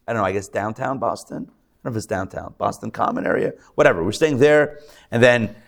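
A rabbi teaching a live class before an audience, chatty with joking asides and many fillers and restarts. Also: male voice, on the low side, expressive, a little fast, vocal fry.

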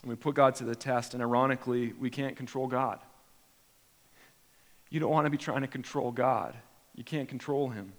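A man preaching a sermon, animated, acting out imagined prayers with sudden rises in pitch and volume. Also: moderate pace, pauses often. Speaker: pastor. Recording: long hall reverb.

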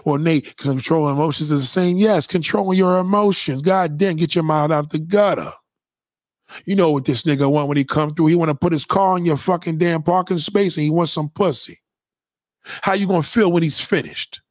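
A man streaming a casual, profane monologue, preachy and animated as he lectures his viewers. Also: fairly high pitch, fairly quick, no room sound, studio quality. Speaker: live streamer.

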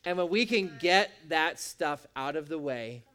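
A man's voice: fairly high pitch, lively intonation, measured pace, sharp tone, clear, resonant tone. A man preaching a sermon as a pastor, with an emphatic, repetitive cadence.

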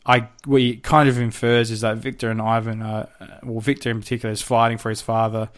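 A man's voice: medium pitch, flat delivery, fast. A man co-hosting a podcast in casual chat, recapping a film in a rambling way with restarts and casual swearing. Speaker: podcast co-host.

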